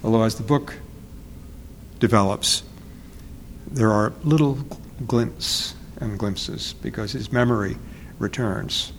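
Low-voiced man, halting and reflective. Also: slight background noise. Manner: halting, searching for words, self-correcting. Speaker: author being interviewed. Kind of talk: reflective interview talk.

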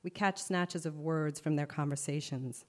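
Low-voiced woman performing a spoken word poem. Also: steady tone, normal speed. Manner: rhythmic, shifting between narration and voiced crowd lines.

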